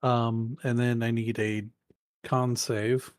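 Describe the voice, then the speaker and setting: A tabletop game player with a mid-pitched voice, muttering and humming while working out dice rolls. The sound is close and dry, with little room around it. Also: flat delivery, slow pace, no echo. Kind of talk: casual game chat.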